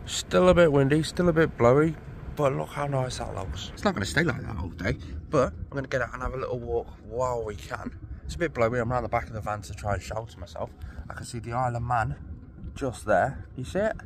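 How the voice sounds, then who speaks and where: A British man vlogs about van life outdoors, chatting casually, laughing, and talking to cows beside his van in a windy farm field. His voice is medium-pitched and fairly quick, and wind noise fills the recording.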